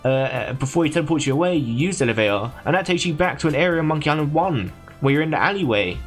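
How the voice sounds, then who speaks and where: Hurried, rambling male streamer. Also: on the high side, lively intonation, soft background music. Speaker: livestreamer. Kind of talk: casual game story recap.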